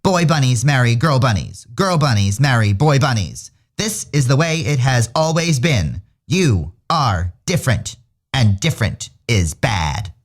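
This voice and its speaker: A drag queen voicing a pompous, bossy male stink bug in a storybook reading, talking low and slow. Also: very animated. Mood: haughty. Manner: haughty, slow and self-important.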